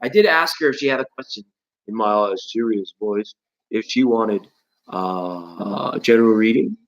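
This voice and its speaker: Rambling, playful man in an echoey room. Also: normal speed. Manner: rambling, playful, jokey, shifting pitch and loudness. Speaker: tarot reader and livestream host. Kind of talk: live-stream chat, tarot reading.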